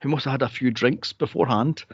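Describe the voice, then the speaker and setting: A man hosting a movie podcast in casual chat, animated and laughing often as he acts out quotes. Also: mid-range voice, fast talker, breathy edge, dry recording, dull audio. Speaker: podcast host.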